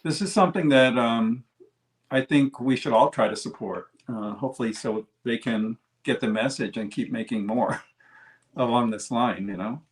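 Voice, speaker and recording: A man with a medium-pitched voice talking casually on a livestream. He is easygoing and hesitant, and pads his sentences with fillers. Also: moderate pace. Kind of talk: casual chat.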